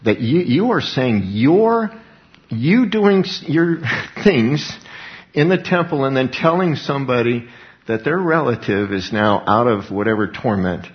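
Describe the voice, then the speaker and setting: A man delivers a sermon in an emphatic way, firing rhetorical questions and doubling back on his words. His voice sits in an ordinary middle pitch. The recording is dull and lo-fi. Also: expressive, measured pace. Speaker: preacher.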